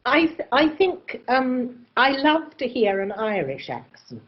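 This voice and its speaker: A woman from England speaking in an interview, theatrical and expressive, slipping easily into other voices. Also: on the high side, slow, dull audio, slight background noise. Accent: English. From England, born in Oxford. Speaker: actress, festival guest. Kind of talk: conversational interview.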